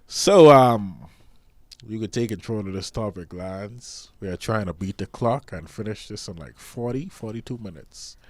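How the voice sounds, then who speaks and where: A man's voice: lowish voice, normal speed, few pauses, no room sound. A man co-hosting a casual podcast, blunt and cocky, swearing freely. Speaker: podcast co-host. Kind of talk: casual chat.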